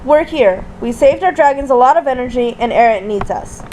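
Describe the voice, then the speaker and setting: A bold young dragon rider speaks bluntly and takes charge, as a woman reads her lines. Her voice is high and clear in this storybook telling. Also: lively intonation, fairly quick, warm tone, slight background noise, poor audio. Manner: blunt, commanding.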